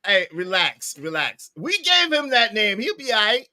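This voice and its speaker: A man's voice: high voice, very animated, moderate pace, over a noisy crowd. A man hosting a casual livestream chat, playful and teasing as he reads out chat messages. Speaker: host.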